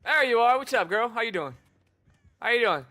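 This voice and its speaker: Male streamer, very high and piercing voice, chatty and teasing in casual gameplay commentary. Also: animated, normal speed, bright, forceful tone. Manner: chatty, teasing taunts at opponents. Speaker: gamer streamer.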